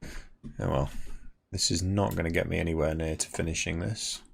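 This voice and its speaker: A man's voice: deep voice, fairly even intonation, moderate pace, gravelly, slight background noise. A man streaming a game, thinking aloud and chatting to the machines he builds. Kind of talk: casual gameplay commentary.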